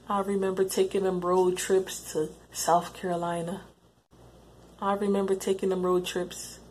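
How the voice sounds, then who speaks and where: A woman's voice: lowish voice, darkish tone, a little hiss or hum. A woman giving emotional personal testimony about her brother, reflective and repeating phrases for emphasis. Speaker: interviewee recalling her brother.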